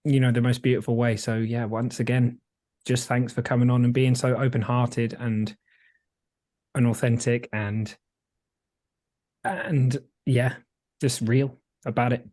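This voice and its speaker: A man's voice: medium pitch, little pitch movement, a little slow, long pauses, a little mellow. A man hosting a podcast, chatty and effusive as he thanks his guest and signs off. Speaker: podcast host. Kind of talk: casual podcast conversation and outro.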